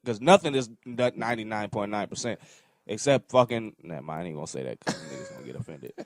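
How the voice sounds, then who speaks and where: A man's voice: lowish voice, huge pitch swings, no echo, studio quality. A man co-hosting a podcast in casual chat, blunt and joking, heavy on slang. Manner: blunt, joking, slangy, acts out quick voices. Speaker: podcast co-host.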